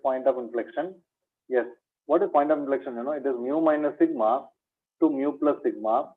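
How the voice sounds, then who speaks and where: A man's voice: mid-range voice, moderate pace. A man giving a maths revision lecture. He repeats each point as a question to his students and calls them "my dear". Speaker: maths teacher. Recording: tinny phone-like lo-fi sound.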